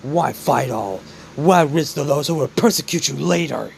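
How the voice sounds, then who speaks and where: A man voicing a cold, disappointed supervillain father who lectures calmly, for a fan-made story. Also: on the high side, normal speed, gravelly, a little hiss or hum.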